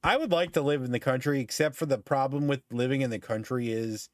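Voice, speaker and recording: A man's voice: mid-range voice, brisk, dry recording. A middle-aged man telling a story in casual chat, swearing freely and ranting as he goes. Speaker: podcast host.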